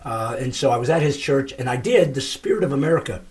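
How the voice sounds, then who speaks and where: A middle-aged man hosting his comedy podcast, telling stories with emphatic, shouted punchlines. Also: medium pitch, animated, quick pace. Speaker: comedian host. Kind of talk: comedic podcast monologue and banter.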